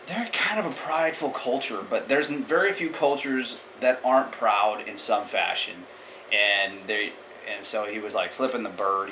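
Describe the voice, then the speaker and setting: A man's voice: fairly low pitch, sharp tone, slight background noise, rough recording. A man hosting a martial arts chat channel, giving blunt, opinionated casual commentary straight to the viewer.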